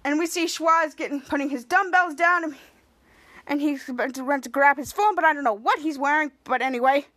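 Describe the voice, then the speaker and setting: A woman's voice: sits high, fairly quick, a bit bright. A woman podcast host casually recapping a TV episode scene by scene, quoting the characters as she goes.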